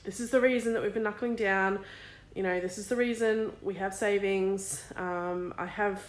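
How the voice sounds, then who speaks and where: A woman in her thirties talks straight to camera in a casual vlog, open and emotional, with plenty of swearing. Her voice sits at an ordinary middle pitch. The sound carries a roomy echo. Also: steady tone, normal speed. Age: 30s. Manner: candid, emotional, swears freely. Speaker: vlogger and small business owner.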